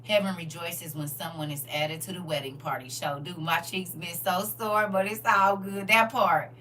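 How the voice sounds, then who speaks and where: Bright-voiced woman chatting live with viewers. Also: on the low side, moderate pace, far from the mic, a little hiss or hum. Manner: expressive, laughs often, talks straight to her viewers. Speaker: livestream host reading viewer comments. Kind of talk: casual live chat with a churchy, testifying tone.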